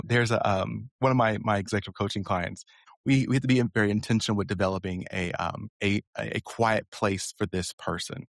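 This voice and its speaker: A man's voice: on the low side, creaky, dry recording, studio quality. A man, an executive coach, answering interview questions in a reflective, storytelling way with frequent restarts. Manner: reflective, stops to restart, tells stories.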